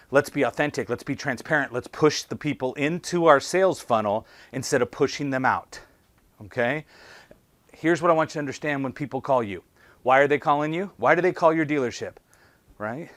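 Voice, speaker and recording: A man's voice: medium pitch, fairly quick, no room sound. A man giving a sales training talk, asking punchy rhetorical questions and acting out callers and salespeople. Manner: animated, acts out callers and salespeople.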